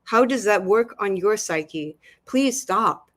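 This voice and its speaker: A woman's voice: medium pitch, expressive, takes it slowly. A woman in a heated casual chat, earnest and insistent, repeating herself to hold the floor.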